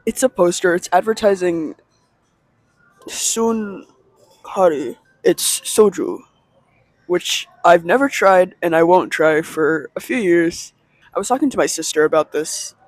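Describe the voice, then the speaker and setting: A man's voice: sits high, animated, unhurried, dry recording. A young man in his late teens rambling through a casual vlog monologue while out in a market, with chatty, self-aware asides. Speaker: vlogger.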